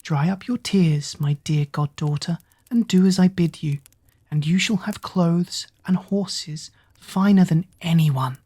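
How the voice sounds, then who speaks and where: A woman voicing a kindly old fairy godmother who speaks in a feeble, croaking voice. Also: fairly low pitch, measured pace, mellow. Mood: commanding.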